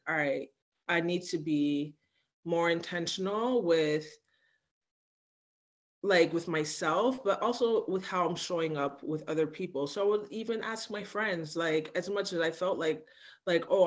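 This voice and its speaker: A woman guest on a podcast, telling personal stories in a candid, animated way with frequent fillers. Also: low-pitched. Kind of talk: candid conversational storytelling.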